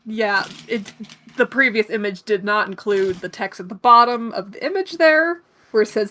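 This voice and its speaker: A woman's voice: medium pitch, normal speed, pushed and bright. A woman co-hosting a casual gaming podcast, giggling often as she explains things. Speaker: podcast co-host. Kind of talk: casual chat.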